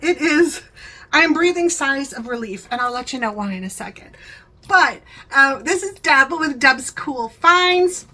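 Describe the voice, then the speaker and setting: A woman's voice: sits high, lively intonation, measured pace, sharp tone, low-quality recording. A talkative woman hosting a home vlog, rambling chattily and laughing often. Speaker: vlogger, channel host.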